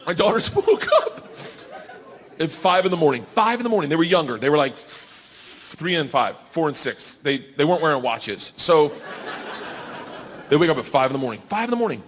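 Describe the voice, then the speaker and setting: A man doing a loud, excitable stand-up comedy set on stage, his storytelling often rising toward a shout. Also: a little high, normal speed. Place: comedy stage before a laughing audience. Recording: live show with loud crowd laughter and noise. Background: crowd laughter.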